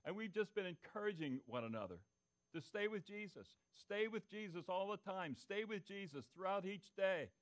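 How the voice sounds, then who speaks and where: A man's voice: high-pitched, expressive, moderate pace. A man preaching a sermon, asking the congregation to call out answers and repeating key phrases for emphasis. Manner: interactive, asks the congregation for answers. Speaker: pastor.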